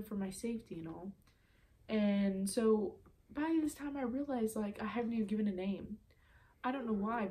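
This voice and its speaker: A woman's voice: medium pitch, mellow, slight background noise. A teenage girl telling a story on her vlog in a chatty way, full of "um" and "like". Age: late teens. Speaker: vlogger.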